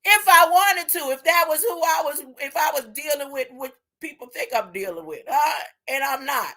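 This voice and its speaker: High, bright-voiced woman preaching slowly. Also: animated. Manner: emphatic, tags points with a rising "huh?"; drawn-out, deliberate phrasing with sudden loud bursts. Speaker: spiritual video preacher. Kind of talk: impassioned spiritual monologue.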